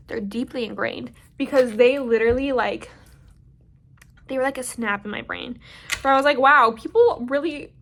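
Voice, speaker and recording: A young woman telling a storytime vlog in an animated, dramatic way, swearing freely. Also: high-pitched, a little hiss or hum. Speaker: vlogger.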